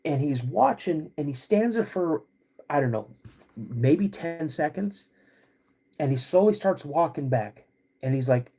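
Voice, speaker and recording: A man hosting a podcast, recounting a personal encounter in a halting way, often restarting and searching for words. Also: a little high, expressive, dark tone, husky. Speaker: podcast host.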